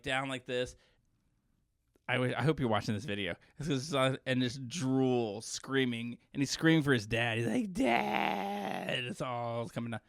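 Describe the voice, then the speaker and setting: A man on a podcast telling a story with lots of comic asides, worn out and short on sleep. His voice sits at an ordinary middle pitch, heard close and dry with no room around it. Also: dry recording. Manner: animated storyteller, jokey, acts out voices. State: exhausted. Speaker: podcast co-host. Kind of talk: casual chat.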